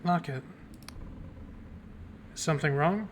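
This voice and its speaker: Streaming a game with its music playing behind him, a man chats casually and jokes at his own expense. His voice is fairly high and slow, with slight background noise in the recording.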